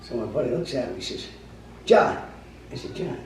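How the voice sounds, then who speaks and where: Gruff profane New storyteller man. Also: medium pitch, lively intonation, very fast, a little mellow. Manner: gruff, profane, acts out quotes. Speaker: storyteller guest. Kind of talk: casual anecdote telling. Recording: echoey room, distant mic, faint noise.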